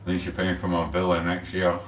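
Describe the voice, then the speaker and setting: Tipsy streamer, low voice, chatty banter, distant in an echoey room. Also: male voice, monotone, a little fast, a little hiss or hum. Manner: chatty, rambling, loud banter. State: a bit drunk. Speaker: livestream host. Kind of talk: casual rambling livestream chat. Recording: roomy echo, distant from mic.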